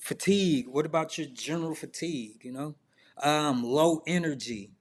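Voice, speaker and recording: A man's voice: fairly high pitch, normal speed. A middle-aged man coaching in a loose, conversational way, firing off questions to the listener. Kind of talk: casual self-improvement talk.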